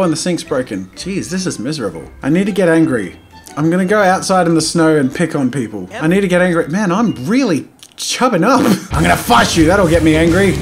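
A man giving casual, jokey commentary while playing a life-sim game, swinging from loud outbursts to low muttering. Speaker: gaming YouTuber. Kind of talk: casual let's-play commentary.

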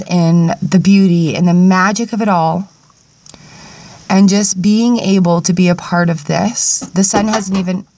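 A woman vlogging outdoors in cold wind at sunrise, recording on a tablet and talking warmly and gratefully to her viewers. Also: medium pitch. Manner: gushing, grateful, affectionate to viewers. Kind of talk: casual outdoor vlog talk. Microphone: tablet camera.

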